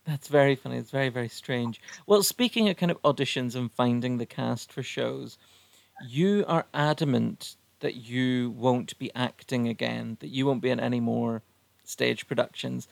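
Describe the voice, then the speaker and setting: A man's voice: mid-range voice, moderate pace, vocal fry, no room sound. A man hosting a casual podcast interview, asking questions and encouraging his guest with short interjections. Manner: warm encouraging interjections, laughs along. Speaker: podcast host.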